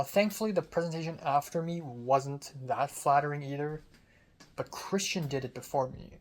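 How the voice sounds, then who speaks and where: A young adult film student telling a story in a casual monologue, rambling with lots of "like" fillers and casual swearing. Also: medium pitch.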